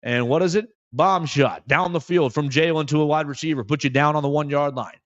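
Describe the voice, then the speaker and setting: A man hosting a sports talk show, giving solo commentary in an animated way and repeating phrases for emphasis. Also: on the high side, brisk, dry recording, lo-fi sound.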